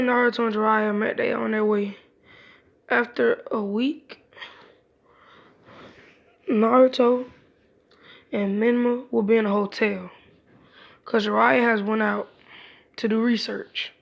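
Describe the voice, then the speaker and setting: Gravelly woman retelling a fan story. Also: fairly high pitch, flat delivery, takes it slowly, pauses often. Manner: rambling, with many restarts and self-corrections.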